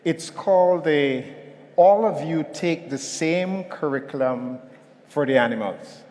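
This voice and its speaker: A man voicing a stern male instructor at an animal school, speaking slowly and with command, in an echoey hall. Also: on the high side, a little mellow, voice pushed down, lightly acted.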